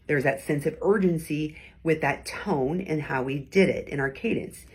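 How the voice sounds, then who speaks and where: A woman's voice: low-pitched, normal speed, hardly any pauses, breathy edge. A middle-aged woman hosting a weekly advice talk, speaking conversationally and acting out short examples of different tones. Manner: conversational, acts out tones in short quoted bits. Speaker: host giving weekly advice. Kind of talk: casual teaching talk to camera.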